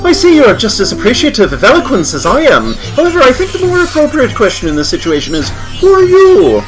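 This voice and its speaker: A man's voice: extremely high pitch, wildly swooping pitch, normal speed, music in the background, pitched above the performer's own voice, full character voice, poor audio. A man voicing a pompous male festival inspector with an exaggerated French accent, in a haughty, stilted and theatrical manner.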